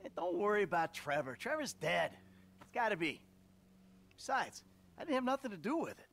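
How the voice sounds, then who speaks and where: An actor playing a smug middle-aged former criminal in a video game, talking in a relaxed, wry and evasive way. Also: male voice, sits high, brisk, vocal fry, full character voice.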